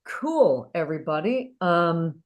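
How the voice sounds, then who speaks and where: A woman's voice: on the low side, very animated, slow. A woman hosting an online show over a video call, chatty and full of ums and uhs. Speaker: host.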